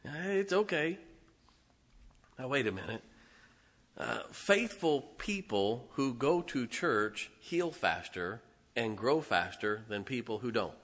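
Bright, folksy male preacher. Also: mid-range voice, very animated, takes it slowly. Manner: folksy, humorous storytelling with swings in volume. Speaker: pastor. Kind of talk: sermon.

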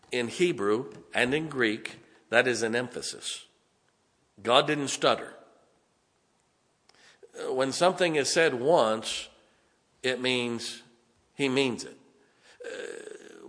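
A man preaching a sermon, animated and conversational, with dramatic emphasis and asides. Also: mid-range voice, slow pace, long pauses, in a large hall.

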